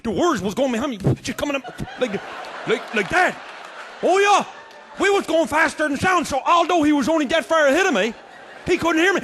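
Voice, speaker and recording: A middle-aged man telling a comic tall tale, boisterous, often shouting and chuckling through his lines. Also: extremely high pitch, a little hiss or hum. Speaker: comedian storyteller.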